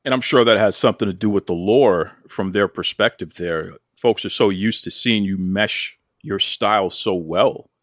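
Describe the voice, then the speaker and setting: A man's voice: fairly low pitch, normal speed, hardly any pauses, no room sound, clean studio sound. A man hosting a wrestling interview show, asking questions in a playful, teasing way. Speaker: podcast host.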